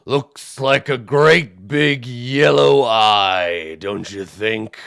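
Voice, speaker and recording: A man voicing a huge male cyclops giant, with a booming, slow, drawn-out delivery. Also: creaky, fairly bright tone, smooth, no echo, studio quality, heavily acted. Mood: curious.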